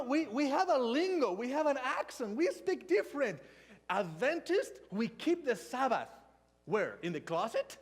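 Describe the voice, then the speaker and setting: A man with a Hispanic accent delivers a sermon in a church hall. His voice is high for a man, and he talks slowly and deliberately, acting out small dialogues as he tells his stories. The sound carries a long church reverb. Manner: storytelling, animated with mock dialogue. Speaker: preacher.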